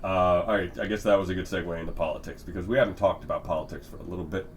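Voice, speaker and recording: A man's voice: low voice, steady tone, racing. A man hosting a podcast in casual chat, rambling and swearing, often laughing, with faint noise behind him. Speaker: podcast host.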